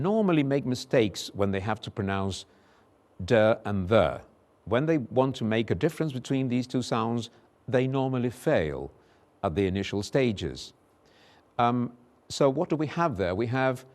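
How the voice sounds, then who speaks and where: In a recorded English pronunciation lesson, a man slowly repeats example words with careful articulation. His voice is mid-range with a darkish tone.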